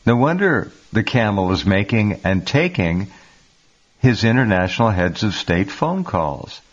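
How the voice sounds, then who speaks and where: A man's voice: lowish voice, sing-song, measured pace. A man hosting a radio talk show, commenting in an incredulous, exclamatory way. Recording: muffled lo-fi radio audio.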